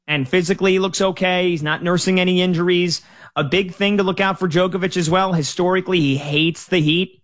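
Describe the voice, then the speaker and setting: A man with a slightly raised speaking pitch talks through his sports betting picks. His delivery is loose and conversational, with "you know" and "like" filling the gaps and sentences often restarting. It sounds like an unscripted sports talk segment. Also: fairly even intonation, fast, a bit bright. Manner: conversational, with frequent filler words and restarts.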